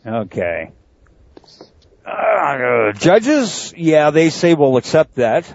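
A man's voice: mid-range voice, sing-song, takes it slowly, creaky, no echo. A man hosting a podcast in casual chat, laughing often and tripping over his words. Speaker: podcast host. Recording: dry, dull lo-fi mic.

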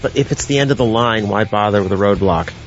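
A man's voice: fairly low pitch, fast talker, over music. A man co-hosting a casual wrestling talk webcast, teasing and joking with laughs. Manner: jokey, teasing, laughs often. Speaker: podcast co-host. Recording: dull lo-fi web audio.

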